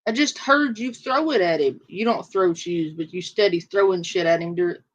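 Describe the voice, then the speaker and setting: A woman's voice: lowish voice, normal speed, highs cut off. A woman reacting to clips for a chat audience, sarcastic and incredulous. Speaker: reaction commentator. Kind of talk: casual reaction commentary.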